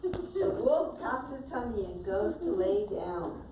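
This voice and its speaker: Her voice is mid-range and sing-song, and she takes her time as she narrates a story while guiding children through acting it out in class. It's recorded from a distance in an echoey, noisy room.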